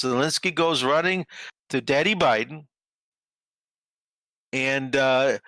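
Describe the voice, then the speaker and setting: Sarcastic man, bright dry voice. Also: medium pitch, expressive, measured pace, no echo. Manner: sarcastic, emphatic, scornful. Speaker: political commentary host. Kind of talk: scripted-free commentary over news clips.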